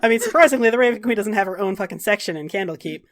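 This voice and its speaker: A woman's voice: mid-range voice, expressive, very fast, background noise. Woman game master narrating, wry and dry, swears casually.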